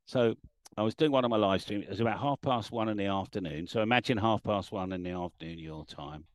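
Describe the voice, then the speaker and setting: A middle-aged man, an animated storyteller chatting casually as a livestream guest and acting out the lines he quotes. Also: lowish voice, quick pace, dry recording. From England.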